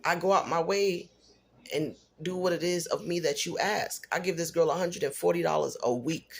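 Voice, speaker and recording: A woman's voice: on the low side, moderate pace, creaky, husky. A middle-aged single mother venting in a personal vlog, blunt and emphatic, repeating herself for stress.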